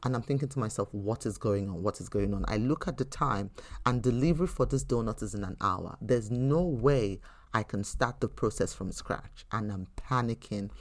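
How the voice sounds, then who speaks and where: A woman's voice: extremely low pitch, normal speed, darkish tone. A woman hosting a faith teaching podcast who talks earnestly and conversationally, telling personal stories with frequent restarts. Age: adult. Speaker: podcast host.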